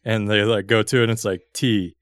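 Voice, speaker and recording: Young male co-host, relaxed storyteller, dry close-miked sound. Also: lowish voice, a little fast, dry recording. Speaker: podcast co-host. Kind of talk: casual chat.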